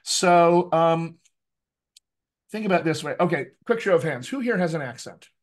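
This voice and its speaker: Lively man coaching actors on accents. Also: on the high side, normal speed. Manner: lively, addresses the group directly, frequent "right?" tags. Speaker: dialect coach. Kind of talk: energetic workshop talk.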